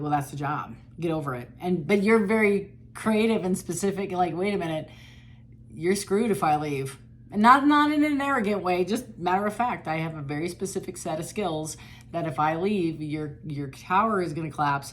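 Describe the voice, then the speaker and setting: A woman's voice: low-pitched, slight background noise. A woman giving a casual tarot reading to her viewers, chatty and blunt, with the odd swear word. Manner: chatty, blunt, mildly profane. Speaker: tarot reader.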